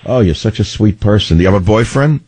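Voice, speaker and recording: A middle-aged man with a baritone voice, hosting a talk radio show in a combative, rambling way. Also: expressive, fast, a little mellow, breathy edge, dry recording. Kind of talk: opinionated talk radio monologue. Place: radio studio. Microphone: studio microphone.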